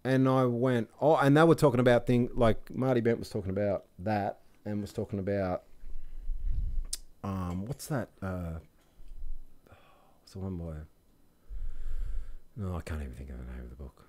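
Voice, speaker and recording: A man's voice: fairly low pitch, moderate pace, pauses often, a little mellow. A man chatting casually as a podcast guest, tipsy and slurring a little, rambling, swearing and losing his thread. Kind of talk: drunk casual chat.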